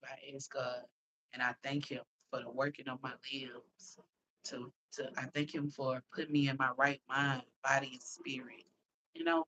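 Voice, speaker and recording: A woman's voice: low-pitched, a bit bright, poor audio. A young adult woman hosting a phone live stream, chatting heartfelt and casual with her viewers and calling them y'all. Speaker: livestream host.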